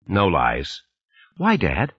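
A man voicing a whiny, curious four-year-old girl in an audiobook reading, husky on a dull, dry recording. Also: deep voice, wildly swooping pitch, very slow, fairly bright tone, no room sound, full character voice.

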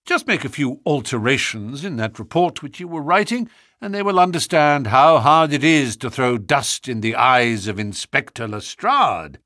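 A man voicing a calm, precise adult male detective with a faintly pompous manner. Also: medium pitch, moderate pace, dry recording, studio quality.

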